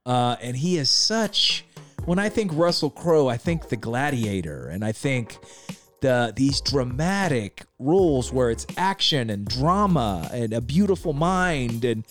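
A man's voice: mid-range voice, big pitch swings, a little slow, faint music behind. Chatty man reviewing a film. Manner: chatty, agreeable, often says yeah. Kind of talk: casual chat.

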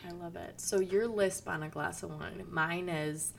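A woman with a Minnesota accent co-hosting a podcast, chatting casually and softly, laughing between remarks. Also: lowish voice, steady tone, unhurried, vocal fry. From southern Minnesota. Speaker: podcast co-host. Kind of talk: casual chat.

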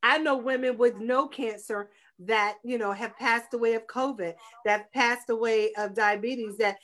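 Lively woman sharing her story. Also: fairly high pitch, measured pace. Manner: animated storyteller, preaching faith. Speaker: guest, breast cancer advocate. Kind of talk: personal testimony in a talk show.

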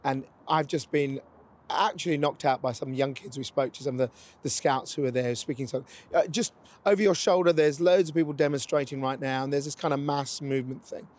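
A man's voice: mid-range voice, fairly quick, a little mellow. A man hosting a conversational interview, asking long, winding questions in a chatty manner.

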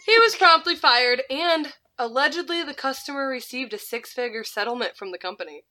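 A woman casually telling a story on a podcast, animated, laughing and swearing freely. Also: sits high, brisk. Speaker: podcast co-host.

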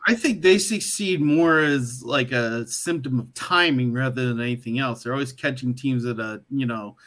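A man chatting casually on a podcast, rambling with many fillers and restarts, his voice worn from shouting. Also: mid-range voice, moderate pace. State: losing his voice. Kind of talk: casual chat.

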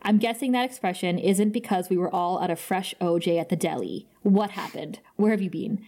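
A woman's voice: on the low side, brisk, mellow. A woman reading out a hurt young heroine. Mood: upset. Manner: read-out lines, little change of voice.

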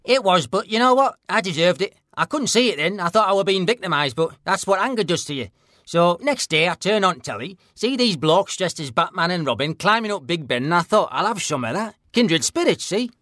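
An actor playing a blunt, deadpan middle-aged northern English ex-stalker, in a mock documentary interview. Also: male voice, high voice, fairly quick, no echo, clean studio sound. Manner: deadpan, blunt, plain-spoken.

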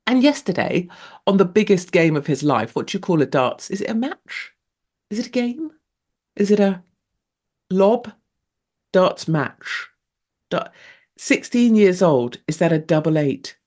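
A woman hosting a show in a casual, rambling monologue. She laughs often and her pitch leaps up sharply for emphasis. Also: animated, a little slow, pauses often, darkish tone. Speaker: show host.

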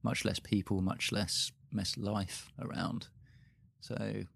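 A man's voice: on the low side, fairly even intonation, slow, vocal fry, a bit bright, husky, dry recording, studio quality. A man from Guernsey answering as an interview guest, hesitant, with a lot of fillers.

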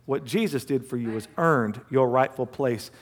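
A male pastor preaching a sermon and telling a personal story, animated, swinging between loud bursts and hushed asides. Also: mid-range voice, normal speed. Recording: long hall reverb.

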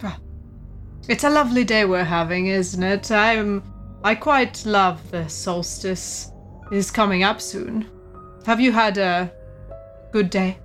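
A woman's voice: mid-range voice, fairly bright tone, soft background music. A woman voicing a grave aristocratic Russian prince, a male cavalry officer who speaks formally with a Russian accent. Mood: courteous. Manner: formal, courtly, measured.

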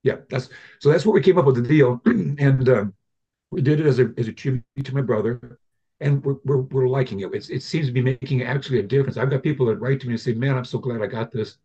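An older man talks fast and a little husky, winding through his stories with restarts and asides. The sound is dull and lo-fi, like a remote call. He is a guest on a conversational interview show. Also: medium pitch. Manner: rambling, animated storyteller with frequent restarts. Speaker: guest, app founder.

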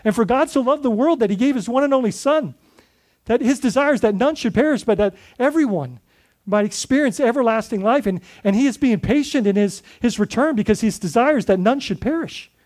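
A man's voice: very high voice, animated, fairly quick, darkish tone. Guy preaching a sermon, talks casual, keeps asking the church questions. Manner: conversational, quizzes the congregation with questions. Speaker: lead pastor.

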